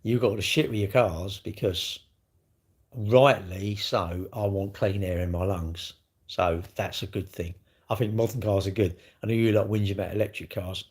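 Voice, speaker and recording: A man's voice: deep voice, fairly even intonation, moderate pace, husky. A middle-aged man livestreaming, telling blunt, sweary stories in casual chat to his viewers. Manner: blunt, swearing, chatty storyteller.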